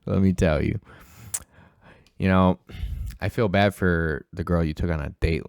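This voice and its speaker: A man's voice: deep voice, measured pace, creaky, darkish tone, clean tone, dry recording, studio quality. A young man co-hosting a tech livestream, chatting casually with playful, joking trash talk.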